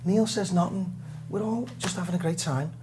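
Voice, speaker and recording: A man from Liverpool with a Liverpool accent, a guest drummer telling a lively, self-mocking story in an interview. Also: high-pitched, moderate pace, noisy background. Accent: Liverpool English. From Liverpool, England.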